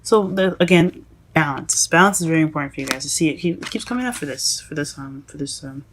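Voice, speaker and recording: A woman giving a casual tarot reading to her viewers, halting and self-correcting as she goes, often calling them "guys". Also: low voice, fairly bright tone, slight background noise. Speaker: tarot reader.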